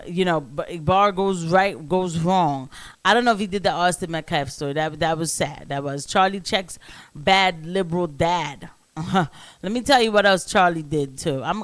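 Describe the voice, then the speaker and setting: A man's voice: sits high, a bit bright, smooth. A man hosting his own political commentary stream, talking in a rambling, heated way with many restarts and asides. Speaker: commentary show host.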